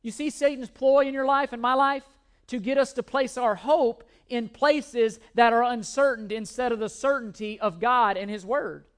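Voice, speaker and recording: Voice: medium pitch, normal speed. A pastor preaching a sermon in an emphatic way, repeating key words for stress, with self-deprecating humor.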